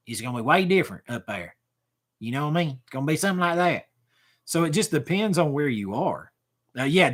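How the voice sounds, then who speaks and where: Man, 40s, livestream host, casual rambling chat, answering comments, bright forceful voice, lively animated pitch.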